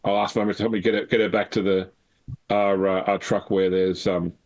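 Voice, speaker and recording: A man's voice: sits low, little pitch movement, normal speed, a little mellow. A man playing a tabletop role-playing game, stammering and restarting as he talks. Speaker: player. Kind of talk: casual tabletop game chat.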